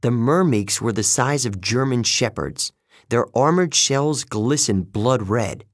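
A man narrating a first-person story in a measured, steady way, recorded close to the mic. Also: medium pitch, dry recording. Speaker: audiobook narrator.

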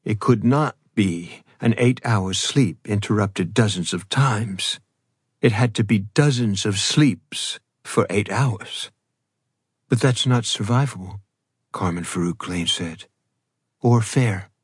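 A man reading an audiobook in a measured, even storytelling manner. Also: on the low side, breathy edge, no echo, clean studio sound. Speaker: audiobook narrator. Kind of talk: scripted narration.

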